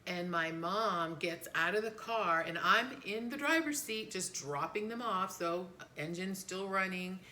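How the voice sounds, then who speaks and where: A middle-aged woman with a bright, forceful voice tells a family story casually, leaping up in pitch whenever she quotes someone. It is a relaxed chat between relatives with a faint hiss of noise behind her. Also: measured pace, few pauses. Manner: animated, voice jumps high when quoting. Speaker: podcast co-host.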